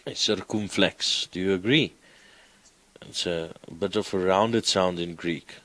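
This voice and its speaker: Deep slow guy teaching greek, keeps quizzing the class. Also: fairly bright tone, no room sound, rough recording. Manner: questioning, coaxing students. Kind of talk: classroom lecture.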